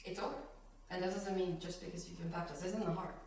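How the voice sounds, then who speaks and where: Her pitch fairly low and her pace quick, a female Bible teacher reads verses in a conversational study and laughs between them as she explains, staying animated throughout. There is slight background noise, and the room echoes around a distant mic.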